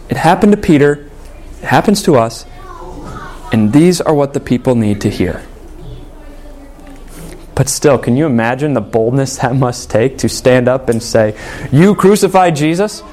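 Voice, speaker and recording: A man's voice: a little high, a little mellow. Earnest emphatic male preacher. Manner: earnest, emphatic, with dramatic pauses. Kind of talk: sermon.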